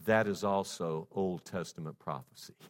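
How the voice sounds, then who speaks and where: A male pastor preaching a sermon, swinging from loud exhortation to hushed softness and stacking rhetorical questions. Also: low voice, normal speed. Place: church sanctuary. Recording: long reverb in a church hall.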